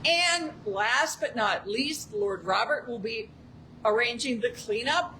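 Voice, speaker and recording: A woman with a somewhat high voice reads out thanks at a court ceremony, slowly and haltingly, filling her pauses with ums. The noise of the gathered crowd is clearly heard behind her. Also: lively intonation, bright, forceful tone, low-quality recording. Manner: halting, with many fillers. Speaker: court herald. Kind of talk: reading ceremonial thank-yous.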